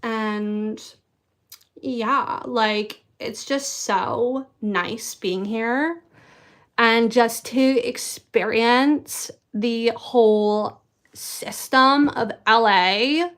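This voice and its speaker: A woman voicing an airy, vain L.A. influencer girl who talks in a slow, breezy drawl. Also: on the high side, fairly bright tone.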